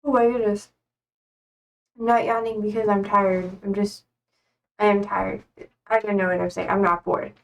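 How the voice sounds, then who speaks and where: A woman's voice: mid-range voice, a little slow, vocal fry, long pauses. A young woman chatting casually on a live stream, rambling and emotional, often close to tears. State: tearful, trying not to cry. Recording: speaking from a distance to the mic.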